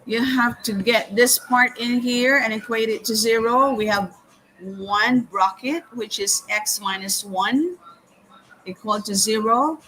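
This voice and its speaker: A woman teaching calculus step by step in a live lesson, often pausing with "okay" and "hang on". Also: a little high, pushed and bright, slight background noise, poor audio. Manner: slow, step-by-step explaining with frequent "okay" and "hang on". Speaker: math teacher.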